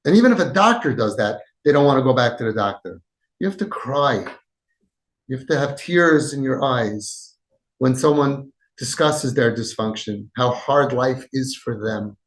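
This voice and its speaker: A man hosting a parenting podcast, giving impassioned advice with shifts between loud and soft and acting out quoted lines. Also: medium pitch, lively intonation, moderate pace. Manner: emphatic, acts out quoted dialogue, swings between loud and soft. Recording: echoey room.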